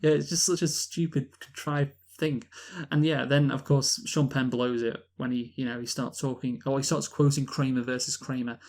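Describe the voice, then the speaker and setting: A man's voice: mid-range voice, fairly even intonation, moderate pace, few pauses, a little mellow. A man from Britain in casual podcast chat about a film, rambling with many restarts and fillers. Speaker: podcast co-host, film reviewer.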